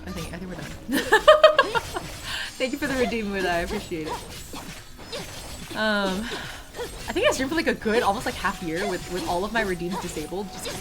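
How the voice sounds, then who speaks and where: A woman's voice: medium pitch, lively intonation, brisk. A young woman streaming a game, chatting casually and reading chat aloud between laughs. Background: game music.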